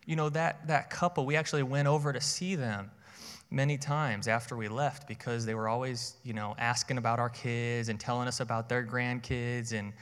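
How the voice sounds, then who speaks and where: A man's voice: medium pitch, steady tone, normal speed, fairly bright tone, clean tone. Guy preaching like he's just chatting, stumbles over words a bit, big echoey hall. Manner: conversational, repeats words at starts of phrases. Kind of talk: sermon with personal story.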